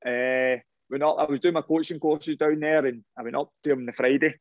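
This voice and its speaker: A man's voice: mid-range voice, a little fast, dry recording. A middle-aged man recounts his playing days in a loose, rambling way, doubling back on his words as he goes. The sound is dry and close with a slightly muffled, dull top end. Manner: rambling, animated anecdotes with repeated restarts. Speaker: former professional footballer. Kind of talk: casual interview storytelling.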